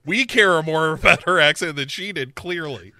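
A man's voice: fairly high pitch, moderate pace, pushed and bright, no room sound, studio quality. A man co-hosting a podcast, recapping a TV show in casual chat, joking and laughing often. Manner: joking, laughs often, mimics characters in silly voices. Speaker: podcast co-host.

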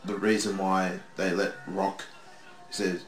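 Low-voiced Australian man, rambling chat. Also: level tone, takes it slowly, roomy sound, low-quality recording. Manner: rambling, hesitant storytelling with many fillers. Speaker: podcast co-host. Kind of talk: casual wrestling watch-along chat.

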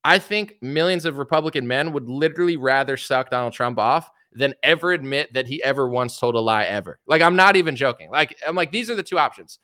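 A man's voice: mid-range voice, brisk, few pauses, no echo, studio quality. A young man giving political commentary on a livestream, ranting with sarcasm and mockery. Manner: sarcastic, mocking, animated ranting.

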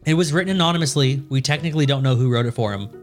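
A man's voice: mid-range voice, very fast, faint music behind. A man co-hosting a podcast, telling a history story in a casual, profane way and laughing often.

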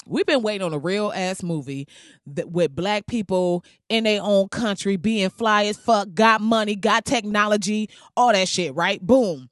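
A podcast host telling stories in casual, comedic chat, animated and full of slang and swearing, laughing often. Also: mid-range voice, no echo, clean studio sound. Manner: animated, slangy, profane storytelling with frequent laughs.

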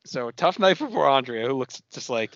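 A man's voice: mid-range voice, very animated, moderate pace, a bit bright, no echo. A male podcast host casually recapping a TV episode, loose and swearing now and then. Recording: dry, muffled podcast audio.

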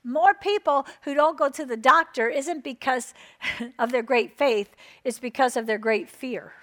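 Woman preacher mid-sermon, fairly high voice, driving points home with repeated phrases and calls for "Amen". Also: measured pace, fairly bright tone. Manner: emphatic, repeats phrases and asks the crowd "Amen?".

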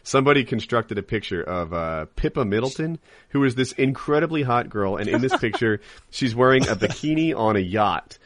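Animated man chatting casually, dry sound. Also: mid-range voice, brisk, dry recording. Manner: candid, rambling, laughs easily, frequent restarts. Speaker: podcast host and live streamer. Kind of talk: casual chat.

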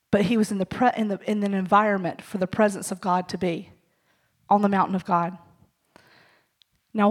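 A woman teaching a sermon to a women's ministry service, earnest and emphatic, acting out the scripture dialogue as she goes. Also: mid-range voice.

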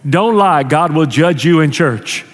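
A man's voice: fairly high pitch, expressive, measured pace, in a large hall. A male pastor, preaching a sermon in a conversational way, often restarting his sentences. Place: church sanctuary.

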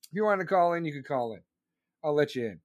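A man's voice: fairly high pitch, lively intonation, fast, no echo. A man hosting a live stream, talking in a rambling, crude and sarcastic way and reading viewer comments aloud. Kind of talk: casual profane rant.

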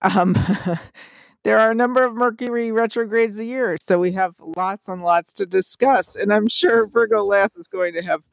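A woman's voice: mid-range voice, normal speed, vocal fry, no echo, clean studio sound. A young adult woman hosting a podcast in casual chat, playful and giggly, often tripping over her words. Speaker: podcast host.

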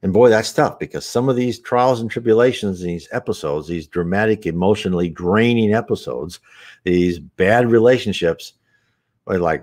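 A man's voice: on the low side, moderate pace, a little mellow. A man hosting an unscripted spiritual talk, earnest and rambling, with frequent restarts and asides.

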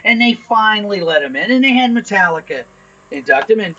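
Blunt, sharp-voiced man swearing freely. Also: high voice, expressive, a little fast, highs cut off. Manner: blunt, opinionated, swears a lot. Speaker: podcast co-host. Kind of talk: casual profane chat.

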